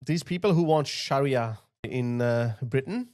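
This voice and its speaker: A man delivering an opinionated political monologue to his viewers, blunt and emphatic, with quick asides and short chuckles. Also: medium pitch, darkish tone, slight background noise. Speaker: political commentator.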